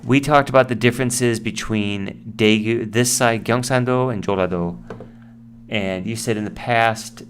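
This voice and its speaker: A man with a mid-range voice speaks a little slowly, with slight background noise, as he gives a casual English vocabulary lesson. Explaining words like a teacher, he acts out example sentences in different voices.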